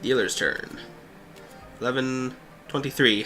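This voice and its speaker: A man's voice: medium pitch, lively intonation, normal speed, pauses often, bright, forceful tone. A man hosting a let's play, reading game text and adding laid-back, self-mocking asides. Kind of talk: casual gameplay commentary. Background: faint game music.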